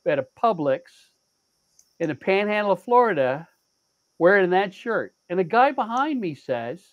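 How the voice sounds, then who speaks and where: Animated, high-voiced man telling a profane story. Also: dry recording, muffled recording. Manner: animated, profane, acts out quotes with big pitch jumps; halting restarts and stammered repeats. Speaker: show regular. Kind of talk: casual storytelling chat.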